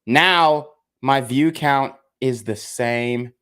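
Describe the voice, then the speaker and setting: A man's voice: mid-range voice, extremely slow, fairly bright tone, smooth. Frustrated young man ranting to camera. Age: young adult. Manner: frustrated, emphatic, repeats himself, swears. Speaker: content creator. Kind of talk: casual rant to camera.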